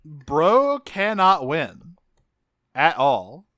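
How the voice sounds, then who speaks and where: Smooth-voiced man recapping a cartoon. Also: on the high side, very slow, no room sound, clean studio sound. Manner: animated, swears a lot, acts out quotes in jokey voices. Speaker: podcast co-host. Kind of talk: casual chat recapping a cartoon.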